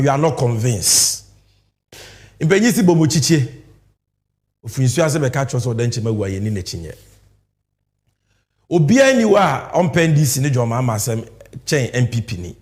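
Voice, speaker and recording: A man's voice: mid-range voice, a little mellow. A man with a Ghanaian accent giving an emphatic, repetitive political speech that switches between English and Twi. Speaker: political party speaker. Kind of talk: rally-style political speech.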